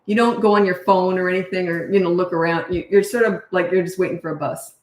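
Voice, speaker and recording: A middle-aged woman parenting coach answering questions in a blunt, brisk, no-nonsense way. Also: on the low side, fairly even intonation, slight background noise. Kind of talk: casual Q&A advice. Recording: echoey room.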